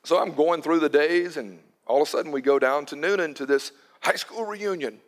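A man's voice: a little high, fairly quick. Conversational male pastor preaching. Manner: conversational storytelling, moves from loud and animated to hushed and soft. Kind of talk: sermon.

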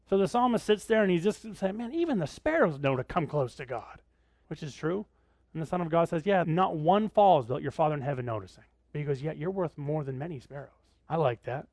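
A man gives a sermon in a slightly higher than usual voice, talking easily with his congregation and often asking "right?" He rises into emphatic bursts, then drops into quiet, thoughtful lines. The sound is close and dry, with almost no room around it. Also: no room sound. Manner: conversational preaching, often asks "right?"; swings between emphatic lifts and quiet reflective drops. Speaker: preacher. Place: church.

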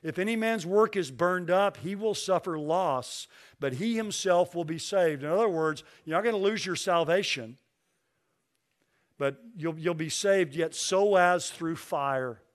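Slow, emphatic preaching man. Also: sits high. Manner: slows down and stresses key phrases when reading scripture. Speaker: pastor. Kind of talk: sermon.

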